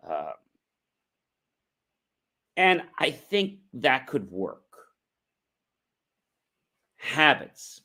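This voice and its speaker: A man's voice: medium pitch, sing-song, takes it slowly, pauses often, a bit bright. A middle-aged man hosting a motivational livestream, coaching viewers with rhetorical questions and acting out sample conversations. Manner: emphatic, coaching delivery with rhetorical questions and acted-out example dialogue.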